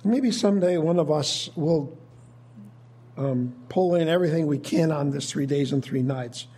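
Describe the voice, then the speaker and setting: Male preacher, husky and high-pitched, measured teaching sermon. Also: warm tone. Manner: measured, thoughtful teaching with frequent restarts.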